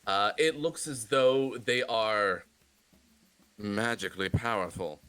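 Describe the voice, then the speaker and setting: Bright-voiced man running a tabletop game. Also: on the low side, clean tone. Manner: descriptive and playful, slowing down for dramatic detail. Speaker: game master.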